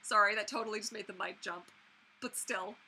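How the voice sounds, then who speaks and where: Young woman, livestream host, casual chatty talk, very bright tone, faint background hiss. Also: medium pitch, brisk, rough recording. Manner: chatty and animated, lots of fillers and restarts. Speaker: mermaid performer and livestream host. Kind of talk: casual livestream chat answering viewers.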